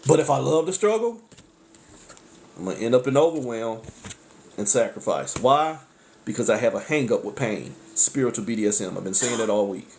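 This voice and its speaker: A man giving a casual spiritual tarot talk. He speaks bluntly with profanity, breaks in with frequent exclamations, and jumps between sharp high outbursts and low asides. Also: big pitch swings, brisk, gravelly, a little hiss or hum. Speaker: tarot reader.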